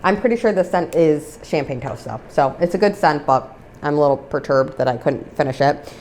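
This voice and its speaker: A woman's voice: low-pitched, lively intonation, normal speed, darkish tone, a little hiss or hum. A woman vlogger chatting casually about used-up products, rambling with lots of filler words and getting heated over things she can't buy anymore. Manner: gets heated and exasperated over discontinued products. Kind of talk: casual chat.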